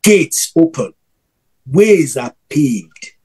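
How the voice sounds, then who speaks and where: A man's voice: a little high, very animated, drawn-out words, a little mellow, breathy edge. A man ministering as a guest preacher over a video call, giving emphatic prophetic declarations and repeating each one.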